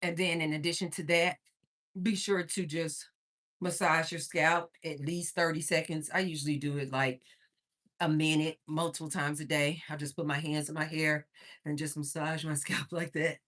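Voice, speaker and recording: Her voice sits low with a flat delivery, a fairly bright tone and a moderate pace. This Missouri, USA woman hosts a casual livestream, chatting, reading viewer comments aloud and laughing often, a little out of breath from moving around.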